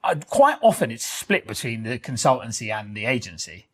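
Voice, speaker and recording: A man's voice: mid-range voice, moderate pace. A man, co-hosting and telling a story in casual chat, with lots of fillers and swearing. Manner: animated, swears freely, many fillers. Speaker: podcast co-host.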